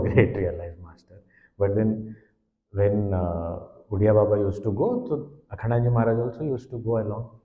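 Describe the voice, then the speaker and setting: A man giving a spiritual discourse as a swami, explaining scripture with Sanskrit and Hindi terms and animated emphasis. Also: on the low side. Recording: dull, echoey hall sound.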